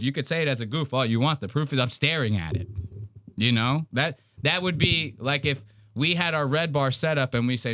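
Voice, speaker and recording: A man's voice: medium pitch, animated, brisk, sharp tone, dry recording, clean studio sound. A man co-hosting a podcast, talking in casual, mocking banter and swearing freely. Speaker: podcast co-host.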